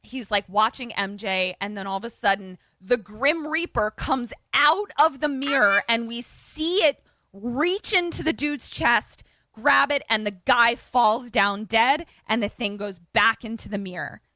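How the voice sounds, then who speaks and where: A woman's voice: a little high, unhurried, dry recording. A woman co-hosting a podcast, casually recapping a movie and acting out the characters' lines. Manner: animated retelling, acts out characters' lines. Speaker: podcast co-host.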